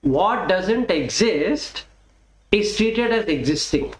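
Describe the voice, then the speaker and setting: A man's voice: high-pitched, animated, takes it slowly, roomy sound, slight background noise, low-quality recording. A man with an Indian accent giving a Dhamma talk as a Buddhist teacher, explaining step by step and putting questions to the listener.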